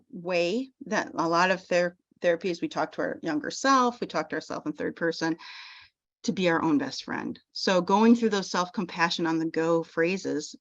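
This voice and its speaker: A woman chaplain teaching a talk on self-compassion in a gentle, unhurried way, often restarting her phrases. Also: on the low side, no echo. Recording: dull lo-fi dry sound.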